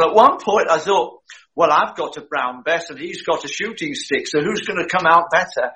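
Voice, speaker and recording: A man's voice: a little high, moderate pace, rough recording. A man telling anecdotes as an interview guest, acting out the dialogue as he goes. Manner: animated, acts out quoted dialogue. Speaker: guest recalling a film shoot. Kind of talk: anecdotal storytelling.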